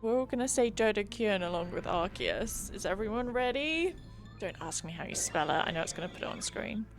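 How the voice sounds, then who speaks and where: A woman's voice: mid-range voice, animated, fairly quick, soft background music. A young woman from England chatting casually on a live stream, giggly and reading chat aloud into a desk mic. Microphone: desk mic she keeps bumping.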